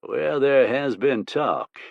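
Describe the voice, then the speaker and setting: A man voicing a wary frontier cowboy who speaks calmly and dryly. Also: mid-range voice, takes it slowly, vocal fry, no room sound, highs cut off, pitched above the performer's own voice, exaggerated voice.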